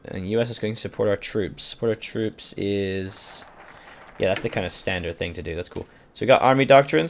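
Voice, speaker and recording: A man talks through a strategy game at his desk mic in a loose, chatty way, cursing now and then. His voice sits at an ordinary middle pitch. He keeps stopping to answer viewers in his live chat. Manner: chatty, profane, reads out chat questions. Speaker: video game streamer. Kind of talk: casual gameplay commentary.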